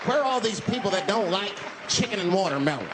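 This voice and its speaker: Quick-paced and pitched high, this comedian from the United States delivers loose stories with lively intonation and punchy swearing. He performs on stage to a laughing crowd, recorded live with plenty of noise.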